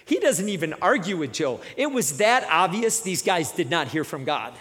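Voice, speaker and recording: A man preaching a sermon, retelling a scripture story with lively energy and frequent asides. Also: on the high side, normal speed, in a large hall. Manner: energetic, acts out characters, frequent "right?".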